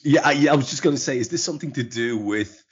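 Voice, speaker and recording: A man's voice: medium pitch, quick pace, husky, muffled recording. A male podcast host in casual chat, rambling and teasing, with many fillers.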